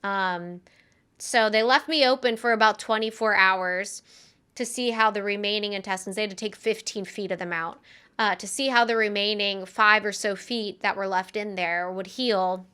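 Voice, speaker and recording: A young woman co-hosting a podcast tells a personal story. Her voice is bright and crisp, and her tone is earnest and conversational, with plenty of "um"s along the way. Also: mid-range voice, steady tone, moderate pace. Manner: earnest, conversational with frequent fillers. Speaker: podcast co-host.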